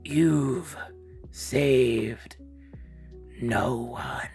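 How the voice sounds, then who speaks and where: A speaker voicing a menacing male villain doctor in a low, hushed, half-whispered voice with a mock British accent, delivered slowly and ominously. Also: soft background music. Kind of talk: quoted game lines in a put-on voice.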